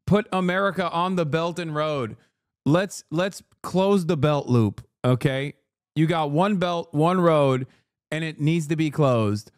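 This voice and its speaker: A male streamer delivers sarcastic, profane, animated reaction commentary. His voice is a little high and sounds dry and close to the mic. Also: a little slow, no room sound. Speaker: streamer host.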